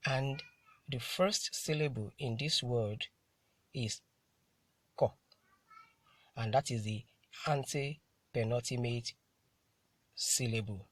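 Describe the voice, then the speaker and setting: A man gives a classroom lesson on word stress, talking slowly and deliberately and moving from point to point. His voice is a little husky, and the recording sounds dry and close. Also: mid-range voice, no echo. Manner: deliberate, repeats "now" to move on. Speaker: English teacher.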